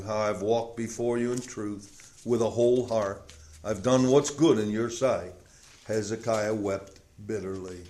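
A man preaching a sermon, acting out quoted prayers and swinging between loud, emphatic lines and hushed ones. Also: medium pitch. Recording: roomy echo.

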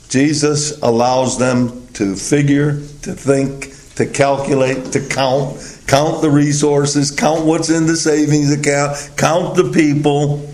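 A man's voice: on the high side, slow. A man preaching a sermon in a conversational way, acting out the thinking of the people in his story. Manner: conversational, acts out the disciples' reasoning. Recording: echoey room, taped sermon.

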